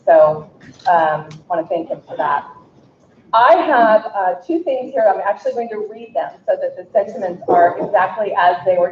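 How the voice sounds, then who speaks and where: A middle-aged woman, an executive director, giving a casual, halting tribute speech with fillers and throat clearing. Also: mid-range voice. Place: indoor event hall. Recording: echoey, dull hall recording with faint noise.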